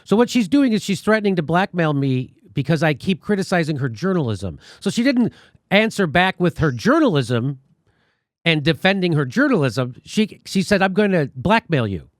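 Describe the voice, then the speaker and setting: A man's voice: a little high, very animated, normal speed, no room sound, clean studio sound. A man hosting a commentary show, telling a story in a sarcastic, indignant way. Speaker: host. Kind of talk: casual commentary.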